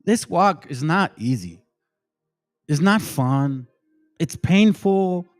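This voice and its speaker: A man's voice: fairly high pitch, expressive, slow pace, soft background music. A grown man streaming live, talking emotionally and preachily to his viewers, full of slang like "man" and "bro". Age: adult. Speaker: streamer and religious commentator. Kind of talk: impassioned livestream commentary.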